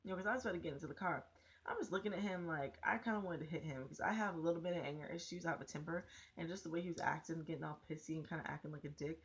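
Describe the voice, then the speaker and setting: A young woman with a notably low voice tells a personal story straight to her camera. She is casual, blunt and profane, and she keeps the telling animated. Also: rapid-fire. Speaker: vlogger.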